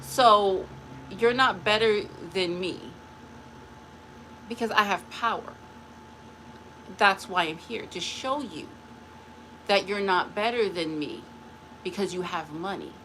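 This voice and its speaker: Bright-voiced woman taunting in a vlog. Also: mid-range voice, slow pace, pauses often, a little hiss or hum, low-quality recording. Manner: taunting, confrontational, then chatty; rambling with restarts and laughs. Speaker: vlogger. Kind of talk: spiritual monologue to camera.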